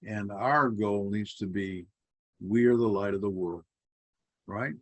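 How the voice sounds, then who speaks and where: Guy hosting fellowship chat, reads verses, talks slow. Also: fairly low pitch, no echo. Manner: slow, measured teaching. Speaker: bible study host. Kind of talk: casual bible teaching.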